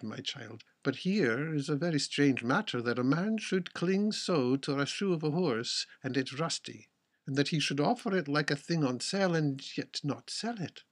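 A man doing a stern, puzzled old earl. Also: fairly high pitch.

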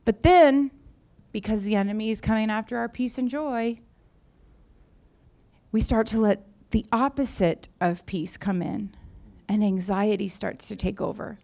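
A woman's voice: mid-range voice, unhurried, vocal fry, pauses often, warm tone. A woman pastor giving a sermon in a conversational way, repeating key phrases for emphasis.

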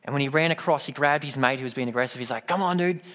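A man's voice: mid-range voice, steady tone, rapid-fire, a bit bright. A man preaching a sermon, telling a personal story and acting out the voices in it. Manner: storytelling, acts out quoted voices. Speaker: pastor.

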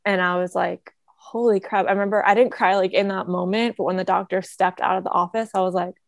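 A woman's voice: mid-range voice, a little fast, creaky, dry recording, clean studio sound. A woman co-hosting a podcast, chatting casually and supportively. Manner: supportive, relaxed, conversational. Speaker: podcast co-host. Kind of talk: casual chat.

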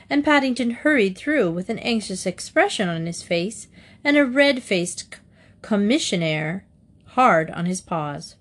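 A woman narrating a children's storybook in a steady read-aloud manner. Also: on the low side. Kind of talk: storybook reading.

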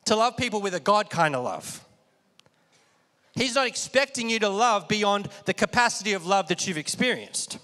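High bright guy preaching, lively call and response, echoey hall reverb. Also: moderate pace. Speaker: pastor. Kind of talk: sermon.

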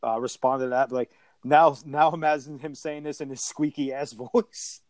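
A man hosting a casual sports podcast. He talks in an animated, opinionated way and laughs often. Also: mid-range voice, normal speed, no echo. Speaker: podcast host.

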